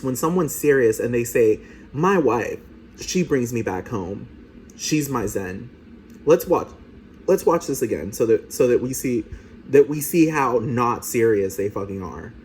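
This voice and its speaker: A man's voice: mid-range voice, lively intonation, moderate pace, a little mellow. Profane ranting man with faint noise. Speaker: commentator. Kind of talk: casual commentary over clips.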